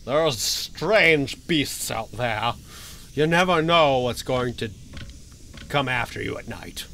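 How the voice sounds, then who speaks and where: A man playing a horror game for his channel, joking and taunting the monster he's hiding from, with sudden yells and laughs. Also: mid-range voice, expressive, takes it slowly, vocal fry, slight background noise. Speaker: gaming channel host. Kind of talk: let's play commentary.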